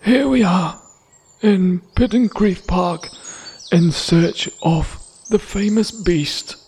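A man voicing a solemn male nature-documentary narrator who speaks slowly and in hushed, breathy tones. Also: high voice, in a large hall, a little hiss or hum.

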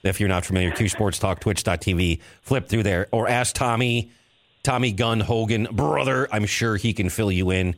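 A man's voice: fairly low pitch, moderate pace, dry recording. A man hosting a sports radio show, upbeat and bantering as he plugs the show and steers the picks.

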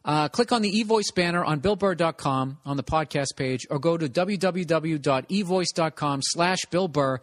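A man's voice: fairly high pitch, moderate pace, hardly any pauses. A man who hosts a podcast and does stand-up, giving a casual, rambling ad read with swearing and self-mocking asides. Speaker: podcast host and stand-up comedian.

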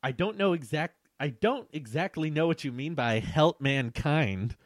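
A man voicing a sassy, confident young girl, speaking slowly and drawn-out. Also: fairly high pitch, animated, no echo, studio quality, pitched above the performer's own voice.

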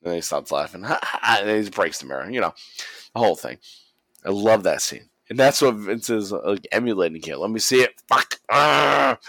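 Profane, animated man recapping wrestling. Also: low voice, normal speed, no room sound. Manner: animated, swears constantly, acts out quotes. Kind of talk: casual profane play-by-play recap.

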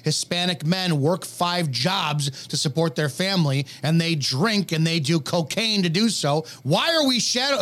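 A man's voice: a little high, fairly bright tone. A man co-hosting a radio talk show, ranting bluntly and heatedly with plenty of profanity.

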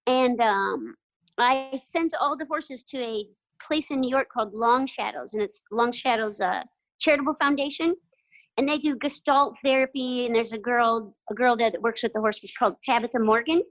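An interview guest, a woman with a somewhat high voice, tells stories at a moderate pace in a chatty, casual way, full of "like" and "you know" and frequent laughter. The recording is dry with no room sound, and its quality is low.

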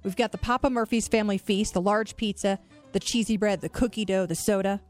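A woman co-hosting a morning radio show, bubbly and quick to laugh, talking into a studio microphone. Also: mid-range voice, fairly even intonation, darkish tone, soft background music. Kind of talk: upbeat morning radio chat.

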